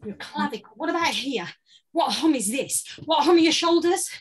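A British woman leading a guided vocal warm-up workshop, giving playful, encouraging instructions. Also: high voice, animated, moderate pace. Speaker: voice workshop leader.

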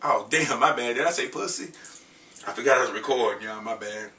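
Raspy-voiced man chatting loosely, far from mic. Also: mid-range voice, a little fast, sharp tone, echoey room. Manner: loose, profane, joking chat between sung snippets. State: getting over a cold. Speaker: R&B singer. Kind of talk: casual vlog with singing.

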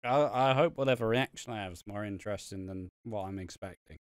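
A man's voice: fairly low pitch, fairly quick, clean tone, dry recording, studio quality. A man co-hosting a podcast, talking in a grumpy, blunt and sweary way in casual chat. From Britain. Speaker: podcast co-host.

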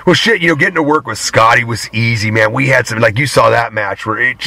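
A man's voice: medium pitch, brisk, gravelly, few pauses, crowd noise. A man guesting on an interview show, talking candidly and rambling, with casual swearing. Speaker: guest, pro wrestler.

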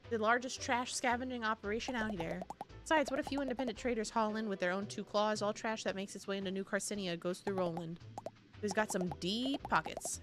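A woman's voice: mid-range voice, fairly bright tone, natural voice. A woman voicing a working-class crab townsperson with folksy, drawling slang.

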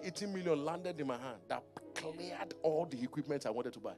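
A man preaching a sermon as pastor, telling a personal story in a lively storytelling manner. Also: fairly high pitch, brisk, hardly any pauses, faint music behind. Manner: storytelling preacher, rising to shouted prayer in tongues.

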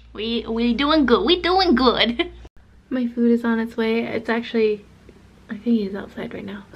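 A woman's voice: on the high side, a bit bright. A woman chatting casually to camera in a home vlog, filling her talk with "like". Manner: chatty, says "like" a lot. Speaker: vlogger. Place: home office.

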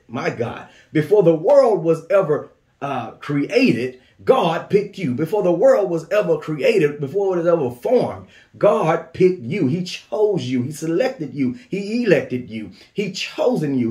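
A man's voice: a little high, darkish tone, echoey room. A man preaching a sermon as pastor, repeating phrases in a rhythmic call-and-response way. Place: church.

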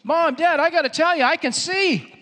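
A man voicing an excited man who has just been healed of blindness, exclaiming in a sermon. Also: extremely high pitch, normal speed, pitched above the performer's own voice. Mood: overjoyed. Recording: echoey hall.

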